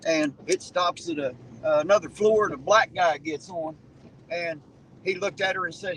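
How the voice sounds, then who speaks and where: A man's voice: on the high side, fairly quick, fairly bright tone. A man with a Southern US accent, hosting a casual outdoor chat and telling profane, folksy stories. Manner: folksy and profane, drawling tall tales. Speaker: channel host. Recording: distant mic with noisy outdoor background.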